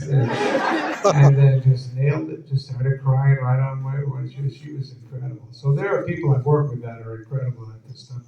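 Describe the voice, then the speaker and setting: Mellow-voiced man telling rambling stories. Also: medium pitch, steady tone, normal speed, creaky. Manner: rambling, laughing anecdotes with restarts. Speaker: actor guest at a Q&A. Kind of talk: casual storytelling on stage. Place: event hall with a live audience. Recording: echoey dull hall sound from far off.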